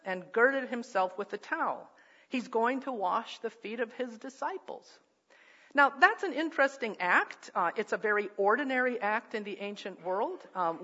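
Woman preacher, mid pitch, conversational teaching sermon, dull lo-fi sound. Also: a bit bright, slightly rough. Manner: thoughtful, conversational, with frequent fillers and restarts.

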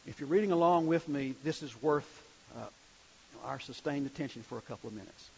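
A man's voice: a little high, fairly quick, gravelly, a little mellow, lo-fi sound, slight background noise. A male preacher giving a sermon in a conversational way, asking the congregation questions as he reads scripture.

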